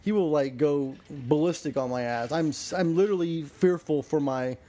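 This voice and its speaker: A man spinning a rambling story in a casual podcast chat, cursing freely and restarting his sentences. His voice sits a little high for a man. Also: moderate pace, warm tone. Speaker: podcast guest.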